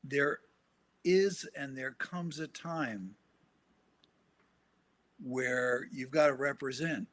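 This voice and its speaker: A man's voice: mid-range voice, drawn-out words, long pauses, a bit bright. An older man speaking as the guest counselor in an interview, direct and storytelling. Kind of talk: interview conversation.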